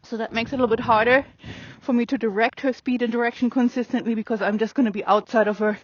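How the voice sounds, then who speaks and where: A woman horse trainer explaining her work with a mare in an open outdoor arena, calm and coaxing, with many fillers. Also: on the high side, fast, highs cut off.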